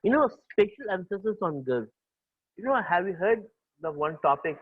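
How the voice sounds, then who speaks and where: A man's voice: a little high, very animated, fast, slightly rough, no room sound, narrow, tinny audio. A man with an Indian accent teaching a school class, switching between English and Hindi and repeating key phrases. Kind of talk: classroom lecture.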